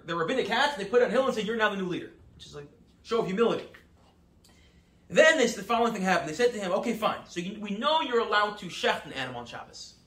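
A man giving a Torah class lecture, telling stories in an animated way and acting out the quotes. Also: high voice, reverberant. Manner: animated storytelling, acts out quotes with quick asides. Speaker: rabbi teaching a class.

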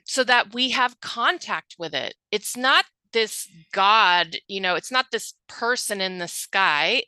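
A woman's voice: medium pitch, sharp tone, clean tone, no room sound, low-quality recording. A woman talking earnestly and with animation about recovery and spirituality in a casual conversation.

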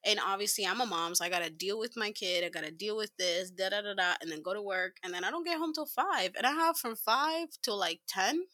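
A young adult woman co-hosting a casual chat podcast, animated and laughing, sometimes dropping into hushed asides, on a close mic. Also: medium pitch, fairly quick, few pauses, dry recording. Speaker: podcast co-host.

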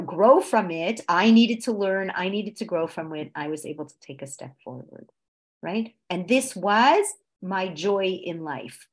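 Woman, religious class teacher, conversational, expressive swings in loudness, keeps checking in with listeners. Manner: expressive, swings between loud emphasis and soft low tones.

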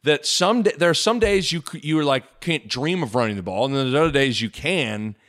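Animated man hosting a sports podcast. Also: fairly high pitch, fairly quick. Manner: animated, rambling with restarts, jokey. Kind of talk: casual sports chat.

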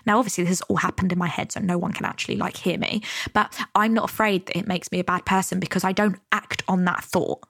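A woman's voice: fairly low pitch, steady tone, fast talker, creaky, fairly bright tone, dry recording. Young woman, podcast host, chatty, casual swearing, dry close sound. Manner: chatty, swears casually, acts out inner voices. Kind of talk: casual self-help podcast monologue.

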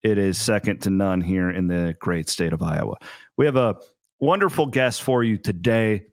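A man's voice: deep voice, animated, normal speed, no room sound, clean studio sound. A middle-aged man hosting a podcast interview, asking questions in an eager, upbeat way. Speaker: podcast host. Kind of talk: casual interview chat.

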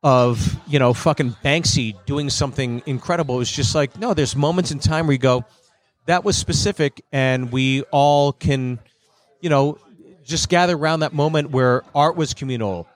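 A man's voice: medium pitch, normal speed. A man, a comedian guest, talking casually in a comedy club, conversational and profane, often restarting sentences. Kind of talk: casual chat.

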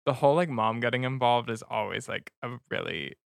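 A man co-hosting a casual chat, listening and backing the storyteller with short replies and laughs. His voice is gravelly. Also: medium pitch, expressive, a little fast, no echo, studio quality. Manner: supportive listener, short backchannels, laughs often. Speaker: podcast co-host.

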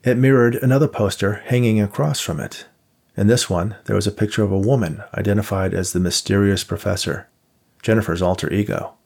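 A man narrates an audiobook in a measured, even way. His voice sits low and carries a gravelly, husky grain. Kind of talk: scripted narration.

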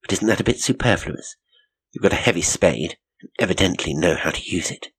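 A composed young woman in an old mystery, cool and cutting when cornered, voiced by a man narrating. The voice sits above his usual low register, with a husky edge. She speaks quickly and steadily, never losing her nerve. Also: animated, fairly bright tone. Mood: scornful.

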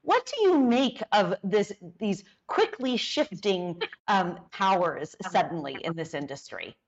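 Woman interviewer, measured questions. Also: medium pitch, sing-song. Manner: measured, sets up questions with background context. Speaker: interviewer, technology editor. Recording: dull, slightly lo-fi sound.

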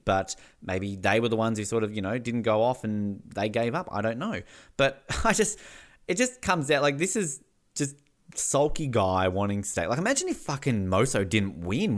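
Male podcast co-host, animated and sweary, pitch jumps all over, laughs easily. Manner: excitable, swears a lot, laughs often. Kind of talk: casual recap chat.

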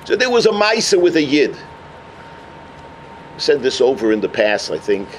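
A man giving a sermon as a rabbi, telling a story with animated energy. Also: medium pitch, measured pace, a little hiss or hum. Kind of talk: sermon on the weekly portion.

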